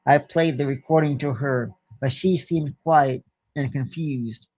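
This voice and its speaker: Slow, mellow male horror storyteller. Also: mid-range voice, no room sound. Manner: slow, deliberate telling with small stumbles. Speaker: host and storyteller.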